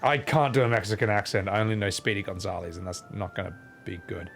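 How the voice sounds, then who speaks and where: A man's voice: on the low side, fairly even intonation, quick pace, creaky, fairly bright tone, faint music behind. A young man streaming a game, rambling and joking at himself in casual commentary. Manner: rambling, jokey, self-mocking.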